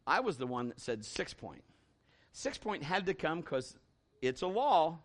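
A middle-aged man preaching a sermon as a pastor, telling a folksy story in an animated way with lots of restarts and acted-out quotes. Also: a little high, a little slow.

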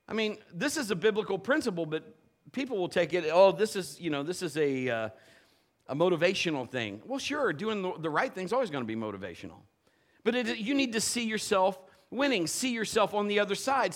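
A man preaching a sermon, telling lively personal stories and acting out the voices of the people in them. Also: sits high. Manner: animated storytelling, playful quoted voices. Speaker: pastor.

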